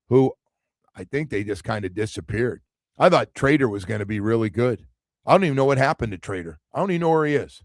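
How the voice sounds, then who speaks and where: A man's voice: mid-range voice, no echo, clean studio sound. A man hosting a sports radio show, talking casually and animatedly, acting out quotes as he tells stories. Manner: animated storytelling, acts out quotes.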